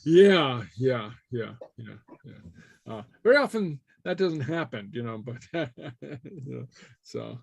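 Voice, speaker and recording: A man teaching an online Gaelic class in a relaxed way, with many fillers and chuckles as he talks. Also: medium pitch, slow pace, gravelly, breathy edge, no echo.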